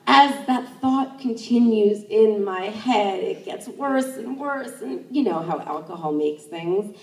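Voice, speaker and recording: Animated woman telling a story, roomy. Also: slow, soft background music. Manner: animated, acts out her own inner thoughts in jumps of pitch. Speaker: sex educator. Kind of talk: live first-person storytelling. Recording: roomy, distant stage mic.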